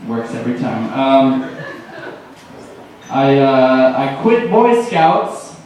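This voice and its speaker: A young man doing deadpan open mic stand-up, rambling with lots of fillers. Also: medium pitch, takes it slowly. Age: late teens to early 20s. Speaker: stand-up comedian. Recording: echoey room, distant mic, faint noise.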